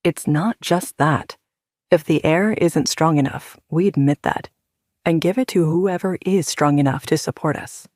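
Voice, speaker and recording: A woman plays a young male werewolf alpha in an audio drama, protective and sure of himself. The voice sits very low for her and is firm and steady, close and dry with no room sound. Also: measured pace, no room sound. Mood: earnest, firm.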